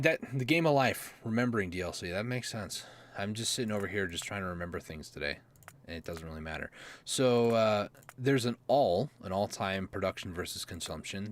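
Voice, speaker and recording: A man's voice: lowish voice, fairly bright tone. A man giving casual gameplay commentary, rambling and mocking himself, chuckling often. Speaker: gaming YouTuber.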